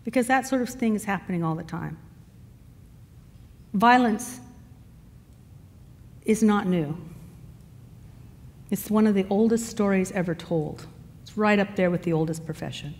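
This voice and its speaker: A woman's voice: medium pitch, a little slow, long pauses, darkish tone. Woman minister preaching in a big echoing hall. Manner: storytelling, conversational with asides to the congregation. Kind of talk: sermon. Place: church sanctuary. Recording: long reverb in a large hall.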